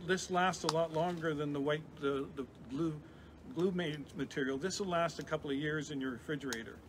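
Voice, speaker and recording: A middle-aged man, a chemistry professor, giving a lively, chatty live science demonstration for kids with frequent restarts. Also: fairly high pitch. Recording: noisy background hiss.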